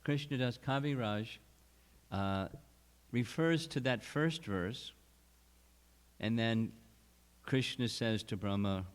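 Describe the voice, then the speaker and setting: A man giving a scripture lecture at a retreat, explaining slowly and deliberately, with restarts. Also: mid-range voice, clean tone. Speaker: spiritual teacher.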